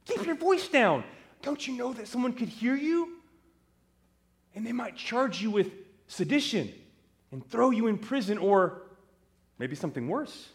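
A man's voice: medium pitch, very animated, a little slow. A man voicing a pagan Roman mother and father who scold their son for turning Christian. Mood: alarmed. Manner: scolding, urgent. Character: alarmed pagan Roman parents, stern and fearful.

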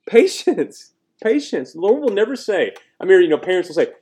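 A man's voice: sing-song, moderate pace, darkish tone. Emphatic preaching man, call-and-response. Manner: pitch and volume rise sharply on key points. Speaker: pastor. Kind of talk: sermon.

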